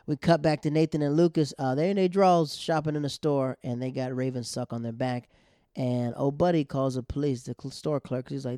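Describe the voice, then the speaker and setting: Mellow-voiced young man recapping casually. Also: medium pitch, fairly quick, dry recording, studio quality. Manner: animated, slangy storytelling. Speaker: podcast host recapping a TV episode.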